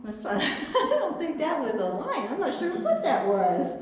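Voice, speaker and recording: A woman puppeteer coaxes her puppet gently, with a lively, high-leaning voice. She is heard from a distance in a very echoey chapel, with faint noise behind. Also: measured pace. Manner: gentle, coaxing, talks to the puppet. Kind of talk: children's puppet show.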